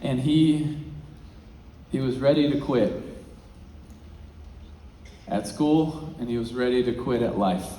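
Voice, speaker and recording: A man giving a motivational talk as a featured speaker, telling a story and swinging between hushed and loud, excited passages. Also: mid-range voice, takes it slowly, pauses often, a little hiss or hum. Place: large event hall. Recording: echoey hall.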